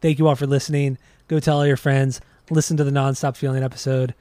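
A man co-hosting a music podcast, speaking in a relaxed, wry way and laughing often. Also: mid-range voice, fast talker, dry recording. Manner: laid-back, laughing, wry. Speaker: podcast co-host. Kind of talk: casual podcast chat.

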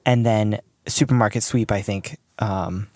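A podcast co-host chats casually, rambling and laughing often, in a lowish, steady, somewhat dark voice at a slightly slow pace. The recording is clean studio sound with no room sound.

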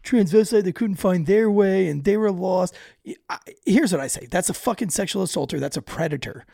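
A young man on a podcast, telling stories bluntly and swearing often, tripping over his words as he goes. His voice sits a little high and has a gravelly fry. The sound is dry and close. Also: lively intonation, brisk, warm tone, no echo. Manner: blunt, profane storytelling with many restarts. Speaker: podcast co-host. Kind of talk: casual chat.

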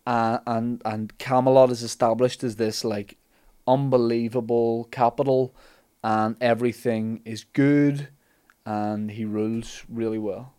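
A man, co-hosting a podcast, telling an old legend as a sweary, animated comic story. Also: mid-range voice, measured pace, clear, resonant tone. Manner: animated, sweary retelling with put-on character lines. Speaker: podcast co-host.

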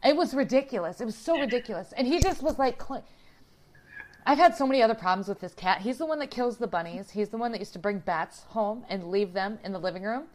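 A woman telling a story in casual chat, animated, laughing often and swearing freely. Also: a little high, quick pace.

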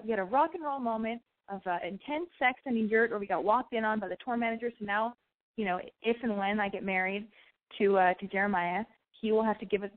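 A young adult woman telling a rambling personal story in casual chat, swearing freely and correcting herself as she goes. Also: medium pitch. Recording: tinny phone-like sound.

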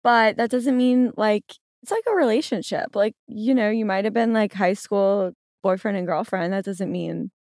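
A young woman from New Orleans, a podcast guest who talks in a relaxed, rambling way full of fillers. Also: mid-range voice, moderate pace, hardly any pauses, no echo, clean studio sound. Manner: relaxed, rambling, many likes. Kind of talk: casual chat.

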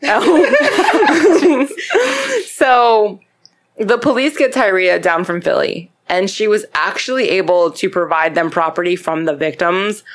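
A woman hosting a podcast, casually retelling a true crime story with lots of swearing and animated acted-out quotes. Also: lowish voice, moderate pace. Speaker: podcast host.

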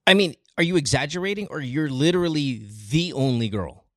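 A man hosting a casual call-in podcast, playful and joking, with sudden loud laughs and casual swearing. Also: fairly high pitch, animated, a little fast, no echo, clean studio sound. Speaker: podcast host taking calls.

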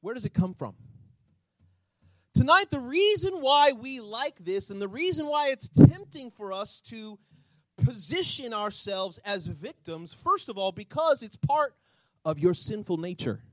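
Man, pastor, sermon, high voice, animated, rhetorical questions, dry close sound. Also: unhurried, dry recording, rough recording.

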